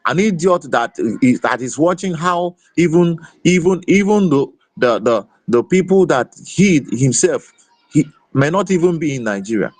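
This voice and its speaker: A man's voice: a little high, expressive, moderate pace, a little mellow, no echo. A man giving an impassioned, emotional political speech in an online audio room, fervent and repetitive, with frequent restarts.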